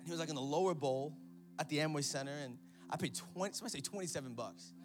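A man preaching an energetic sermon in church, telling a story and calling out to the congregation. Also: a little high, fast talker, over music. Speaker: pastor.

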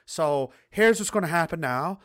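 Man doing a gruff Canadian dad threatening. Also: a little high, lively intonation, close to an everyday voice. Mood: menacing. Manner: slow, drawling threats with "yous". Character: gruff middle-aged Canadian dad, calm but menacing.

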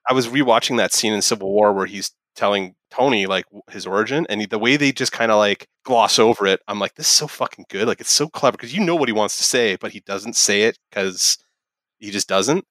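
Casting: low-voiced man, quick bright delivery, dry close mic, loose podcast banter. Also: no room sound. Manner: animated, swears freely. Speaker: podcast co-host. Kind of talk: casual chat.

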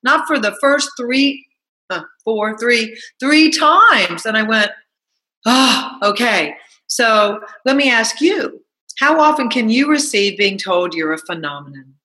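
A woman giving a chatty motivational talk, asking listeners rhetorical questions and telling animated stories. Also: on the high side, a little slow, low-quality recording. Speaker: self-help talk host. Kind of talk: motivational monologue.

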